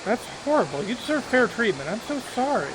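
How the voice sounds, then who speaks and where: A man's voice: very high-pitched, big pitch swings, fairly quick. A man casually commenting while he plays a role-playing game, musing and reading his dialogue choices aloud. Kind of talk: casual let's-play commentary. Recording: noisy hiss behind voice.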